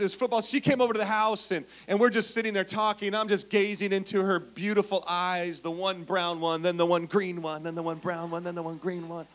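A man's voice: high-pitched, fairly bright tone. A man preaching a sermon in a playful, storytelling way, often calling out questions to the congregation. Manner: playful, asks the crowd for responses. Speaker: pastor.

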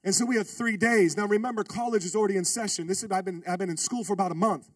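A man's voice: high-pitched, fast, slightly rough, dry recording, recorded from a distance. A man preaching a sermon as a pastor, telling a funny story and calling out to the congregation. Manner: animated, humorous, calls out to the congregation.

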